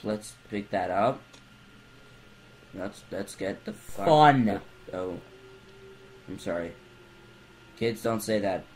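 A man's voice: on the low side, lively intonation, slow, long pauses, a little hiss or hum, rough recording. A young man giving jumpy let's play commentary from his bed, breaking into screams and goofy baby talk, on a computer mic. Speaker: gamer. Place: in bed at home.

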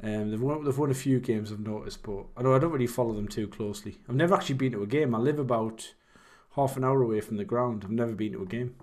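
A man's voice: medium pitch, fast talker, hardly any pauses, darkish tone. A young man, casually chatting and rambling while commentating on his own game. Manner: rambling, chatty, self-deprecating. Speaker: streamer.

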